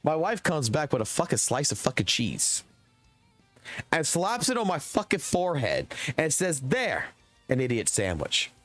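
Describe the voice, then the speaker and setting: A man's voice: on the high side, big pitch swings, normal speed, fairly bright tone, dry recording, faint music behind. A young adult man streaming live, telling a long, rambling story in casual chat and swearing heavily. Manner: profane, rambling, heated storytelling.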